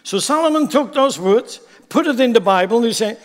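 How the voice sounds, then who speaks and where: A man's voice: very high voice, lively intonation, fairly quick, few pauses. A pastor preaching a sermon in an emphatic way, often putting rhetorical questions to his congregation. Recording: long hall reverb.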